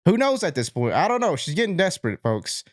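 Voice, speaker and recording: A blunt man delivers political commentary straight to his viewers in a casual, talkative way. His voice sits a little high and sounds dry and close, with no room around it. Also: big pitch swings, fast, dry recording. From Latino. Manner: blunt, conversational, addresses viewers as folks. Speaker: commentary show host.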